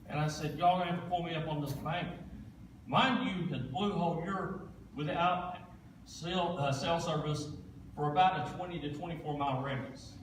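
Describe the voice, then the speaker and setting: A man's voice: on the high side, a little hiss or hum. A man, a guest speaker giving a plain-spoken, folksy testimony during a church service. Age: 40s. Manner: plain-spoken storytelling, folksy Southern phrasing. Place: church sanctuary. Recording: echoey church room, distant mic.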